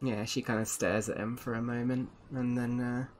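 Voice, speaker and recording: A man's voice: medium pitch, little pitch movement, moderate pace, slight background noise. A man playing a tabletop game, describing his character's actions with many fillers. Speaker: player.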